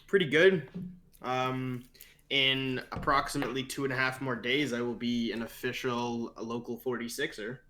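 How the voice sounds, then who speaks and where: A man co-hosting a fan podcast over a remote hookup, with a bright, forceful voice. He talks in loose, casual banter and keeps poking fun at himself. His pitch sits right in the middle. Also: steady tone, moderate pace, a little hiss or hum. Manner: joking, self-deprecating banter. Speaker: podcast co-host. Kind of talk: casual chat.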